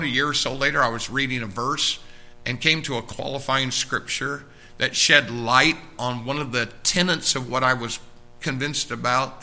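A man's voice: medium pitch, sharp tone. A man preaching a sermon, talking straight to his congregation in a conversational way and often checking in with them. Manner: conversational preaching with frequent direct asks to the congregation.

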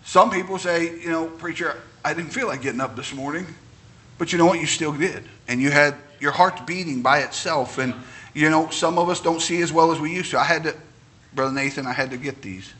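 Fervent, high bright-voiced male preacher. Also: a little fast. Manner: folksy storytelling, builds to fervent preaching. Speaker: pastor. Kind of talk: sermon.

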